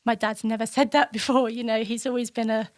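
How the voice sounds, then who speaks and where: A woman in her thirties from the UK speaks as a podcast guest, telling her story candidly and replaying remembered conversations. Her voice sits a little high with little pitch movement. The recording is dry and close, with no room sound. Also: steady tone, brisk, no room sound. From United Kingdom. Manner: candid, reflective, acts out remembered dialogue. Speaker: podcast guest, military veteran. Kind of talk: personal storytelling in an interview.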